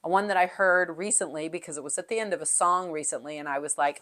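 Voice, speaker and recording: Low-voiced woman music teacher giving tips. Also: quick pace, a bit bright. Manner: chatty, demonstrates calls and rhythms aloud.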